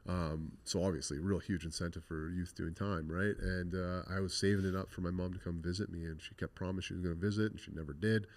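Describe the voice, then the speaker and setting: A man's voice: sits low, steady tone, fast, hardly any pauses, darkish tone. A man being interviewed, telling his own story in a frank, blunt way. He swears freely and retells scenes by quoting what people said. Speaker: interview guest. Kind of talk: candid conversational storytelling.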